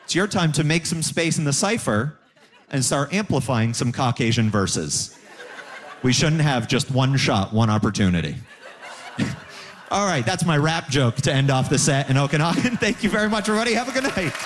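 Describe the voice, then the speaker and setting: A man's voice: on the high side, big pitch swings, normal speed, some chatter behind. A man closing out a stand-up comedy set in a jokey manner on a comedy club stage.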